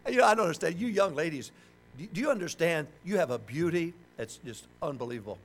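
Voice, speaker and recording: This older preacher's voice is on the high side, and he speaks quickly. His sermon is animated and joking, urging the congregation to respond.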